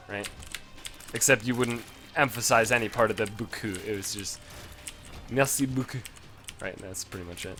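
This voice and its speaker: A man's voice: medium pitch, normal speed, pauses often, pushed and bright, a little hiss or hum. A man casually rambling and swearing as he talks over his gameplay footage, poking fun at himself along the way. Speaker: gaming video host.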